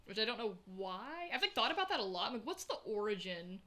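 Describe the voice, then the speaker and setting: A woman co-hosting a podcast, a dungeon master chatting casually with quick asides. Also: medium pitch, big pitch swings, fairly bright tone. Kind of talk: casual chat.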